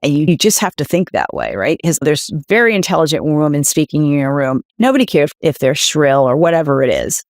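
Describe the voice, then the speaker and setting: A woman's voice: low-pitched, sing-song, brisk, hardly any pauses, no room sound. Middle-aged woman exec talking career stuff, punchy rhetorical questions, dry close sound. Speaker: guest, tech executive. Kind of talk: candid interview conversation.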